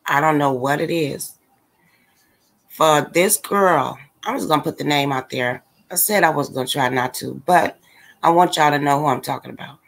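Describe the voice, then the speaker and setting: Female streamer with a lowish voice and blunt, fed-up delivery, addressing her chat directly. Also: moderate pace, gravelly. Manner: blunt, exasperated, talks straight to viewers. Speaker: livestream commentator. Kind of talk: casual ranting commentary.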